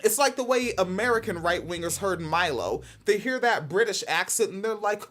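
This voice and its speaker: Profane, animated woman podcast host. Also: moderate pace. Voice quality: fairly high-pitched voice. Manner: profane, laughing, rambling. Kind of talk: casual podcast chat.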